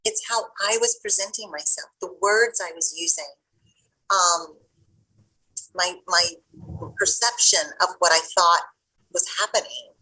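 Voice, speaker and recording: Bright, husky-voiced woman telling a story. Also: on the low side, a little slow, long pauses, poor audio. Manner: animated, acts out the voices of people in her stories. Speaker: guest coach. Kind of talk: personal storytelling in an interview.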